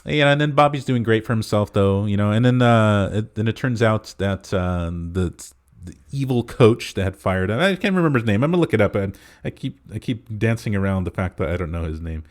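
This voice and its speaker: A man's voice: fairly low pitch, expressive, a little fast. A man co-hosting a podcast, casually retelling a movie's plot and stringing his thoughts together with lots of "uh" fillers. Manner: rambling plot recap full of "uh" fillers. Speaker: podcast co-host. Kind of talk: casual movie review chat.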